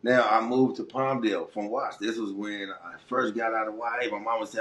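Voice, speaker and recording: A middle-aged Los Angeles man with a local accent, appearing as an interview guest, tells his life story in a casual, animated, streetwise and heartfelt manner. His mid-range voice moves fast with few pauses, and the recording is reverberant.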